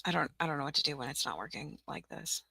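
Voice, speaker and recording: A woman's voice: low-pitched, animated, fast, creaky, pushed and bright, slightly rough, dry recording. A woman hosting a casual livestream, flustered and apologetic, talking to herself and laughing often. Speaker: livestream host for teaching-resource sellers.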